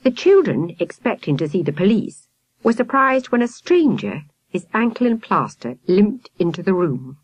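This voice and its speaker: A woman reading a children's storybook aloud in a lively, expressive way. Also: mid-range voice, moderate pace, slightly rough. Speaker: audiobook reader.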